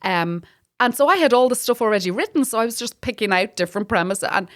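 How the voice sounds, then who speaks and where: Irish woman telling lively stories. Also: a little high, fast talker. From Ireland. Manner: lively storytelling, swears freely, laughs often. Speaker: guest comedian. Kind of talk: casual chat.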